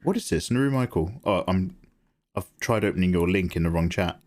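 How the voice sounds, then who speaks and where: A man hosting a live drawing stream, chatting casually and reacting to viewer messages, laughing often. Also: fairly quick. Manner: chatty, animated, laughs often, jumps to high pitch when excited. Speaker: art livestream host. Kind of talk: casual chat while drawing, reading chat.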